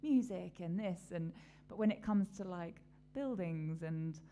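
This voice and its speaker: A woman hosts a relaxed live-stream chat in a low, mellow voice with a gravelly edge. She talks in a loose, rambling way, full of fillers, as she reads messages and asks her guests questions. A faint hum sits under her voice. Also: measured pace. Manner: rambling, chatty, many fillers and little laughs. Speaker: host.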